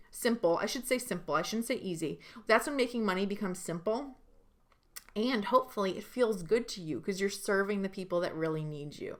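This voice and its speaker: An energetic woman coach leading a live online training session. She talks straight to her viewers and leans hard on the points that matter. Her voice sits in an ordinary middle range. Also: mid-range voice. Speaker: business coach.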